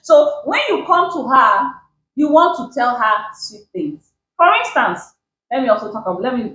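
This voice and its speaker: A Nigerian woman gives relationship advice in a high, lively voice that swoops up and down as she hammers each point home. She repeats herself for emphasis, and the room around her is echoey. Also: muffled recording. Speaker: relationship guest. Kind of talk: advice talk show chat. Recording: roomy echo.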